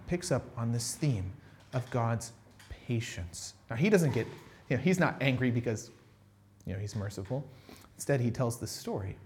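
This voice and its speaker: A man preaching a casual, conversational sermon, retelling a Bible story with animated asides and frequent check-ins with listeners. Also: medium pitch, slight background noise. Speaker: pastor.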